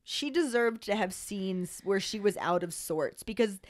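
A woman's voice: mid-range voice, a little slow. A young adult woman co-hosting a podcast, recapping a book in casual chat and swearing freely. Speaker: podcast co-host.

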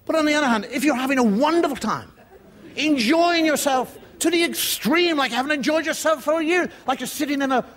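A man's voice: very high-pitched, fairly quick, a bit bright. A man doing a stand-up monologue as a TV comedy host, wry and mock-indignant, swearing freely as he tells his stories. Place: TV studio before a live audience.

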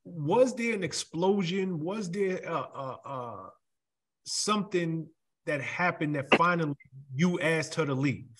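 A man's voice: a little high, lively intonation, a little slow, fairly bright tone. A man hosting an interview, asking brief, prompting questions. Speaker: interview host.

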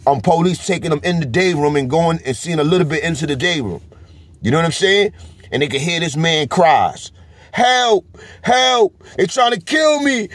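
A man's voice: fairly high pitch, slightly rough. A man with a New York accent, talking straight to camera in a casual vlog and driving each point home with a constant "you heard?". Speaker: vlogger. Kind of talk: casual street commentary.

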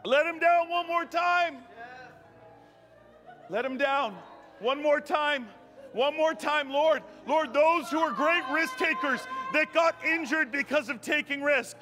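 A man in his thirties preaching a charismatic sermon and praying over people, fervent, repeating phrases and rising to shouts. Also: extremely high pitch, takes it slowly. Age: 30s. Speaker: guest preacher. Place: church sanctuary. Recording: long church hall reverb with music.

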